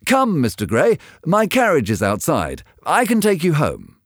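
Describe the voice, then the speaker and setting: A careless, witty aristocratic gentleman, voiced by a man, tosses off his lines in a breezy, higher voice. It is a storybook figure, heard close and dry. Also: wildly swooping pitch, measured pace, dry recording, exaggerated voice. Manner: breezy, offhand.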